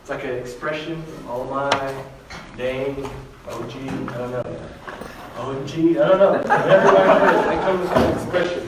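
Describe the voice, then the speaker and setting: A man's voice: mid-range voice, normal speed. A man teaching a language class, joking casually and leading the students through pronunciation drills. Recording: echoey classroom from far off with background noise.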